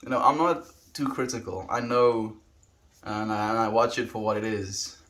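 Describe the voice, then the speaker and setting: A man livestreaming, chatting casually and warmly greeting viewers by name as he reads the chat. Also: lowish voice, steady tone, normal speed.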